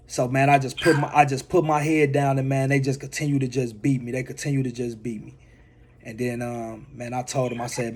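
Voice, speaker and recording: Husky man retelling his story. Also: medium pitch, fairly even intonation, brisk, a little mellow. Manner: repeats phrases, emphatic retelling. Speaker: motivational speaker. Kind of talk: personal testimony storytelling.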